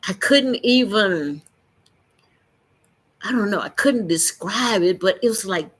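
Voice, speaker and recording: A middle-aged woman, telling a personal story in a lively way and acting out the voices of the people in it. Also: a little high, takes it slowly. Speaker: vlogger.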